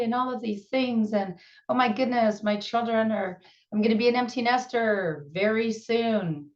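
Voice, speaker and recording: A woman's voice: medium pitch, lo-fi sound. A middle-aged woman hosting a show, sharing personal stories in a candid, reflective way and laughing at herself. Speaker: show host and speaker.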